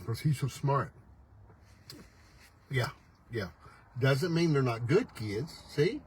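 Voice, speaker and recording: A man's voice: mid-range voice, expressive, slow, darkish tone, a little hiss or hum, low-quality recording. An older man hosting a casual morning livestream, folksy and teasing, laughing often as he talks. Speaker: host. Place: pickup truck.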